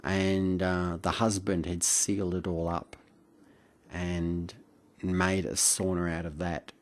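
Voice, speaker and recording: An Australian man, middle-aged, reminiscing late at night at home in a rambling, hesitant way with many fillers and soft chuckles. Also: low voice, little pitch movement, slow pace. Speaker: vlogger. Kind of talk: late-night reflective monologue.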